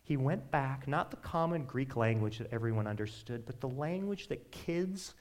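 A man preaching a sermon in a conversational, animated way, with quick asides to his listeners. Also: medium pitch. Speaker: pastor.

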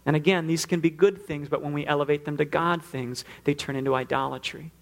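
A man's voice: a little high, fairly even intonation, a little fast. A man preaching a sermon, earnest, now and then acting out the pleas he quotes. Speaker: pastor.

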